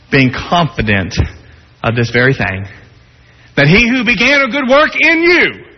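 A man preaching a sermon, telling a story dramatically, dropping low and soft, then rising for emphasis. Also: breathy edge. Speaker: pastor. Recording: dull, long-reverb hall sound.

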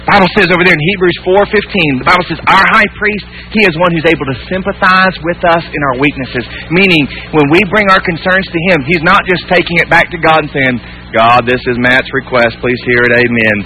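A man preaching a sermon to his congregation, swinging between loud emphasis and hushed tenderness and asking repeated rhetorical questions. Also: sits high, fast talker, few pauses, a little hiss or hum, rough recording. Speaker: pastor.

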